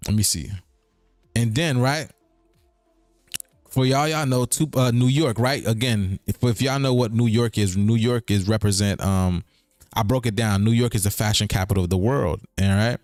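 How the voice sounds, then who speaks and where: A man's voice: on the low side, normal speed, darkish tone, no room sound, soft background music. Repetitive man hosting a livestream. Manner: repetitive, keeps checking in with listeners; breaks words apart and riffs on them. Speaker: streaming show host. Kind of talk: casual livestream commentary.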